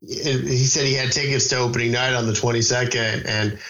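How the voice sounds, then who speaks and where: A man's voice: mid-range voice, fairly even intonation, a little fast, sharp tone. A man hosting a talk show, chatting casually in a dry, wry way, recorded in an echoey lo-fi room. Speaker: radio show host.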